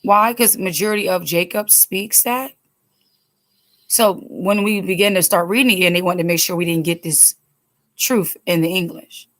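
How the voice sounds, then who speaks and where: A woman teaching a casual Bible study who talks chattily, wanders into quick asides, and turns animated when she quotes people. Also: lowish voice.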